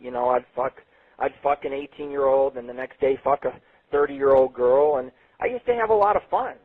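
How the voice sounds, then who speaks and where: A man hosting a late-night internet radio show, telling rambling, profane stories with sudden jumps in pitch. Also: slightly rough. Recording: tinny phone-like sound.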